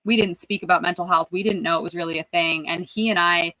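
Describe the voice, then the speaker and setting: Bright, earnest woman guest. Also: fairly low pitch, fairly even intonation, fast, no echo, rough recording. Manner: earnest, heartfelt, open. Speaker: podcast guest, wellness coach. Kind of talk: casual interview answers.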